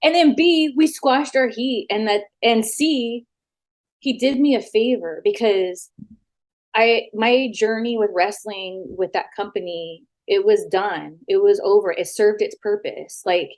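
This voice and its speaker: A woman, a former wrestler, talking frankly as an interview guest, animated and full of quoted back-and-forth, sitting at a house. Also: mid-range voice, measured pace. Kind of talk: casual storytelling interview.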